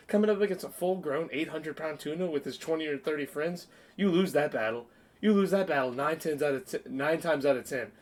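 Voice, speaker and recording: A young man on a casual podcast, animated and laughing often as he acts out movie lines in loud, excited voices. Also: on the high side. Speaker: podcast co-host. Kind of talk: casual chat, acting out movie quotes.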